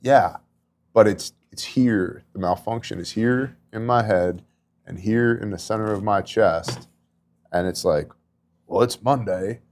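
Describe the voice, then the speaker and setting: Middle-aged guy, kinda low voice, earnest casual faith chat, lots of "you know" asides. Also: unhurried, darkish tone, a little hiss or hum. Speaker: podcast host and disaster relief volunteer. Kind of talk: casual faith talk and storytelling.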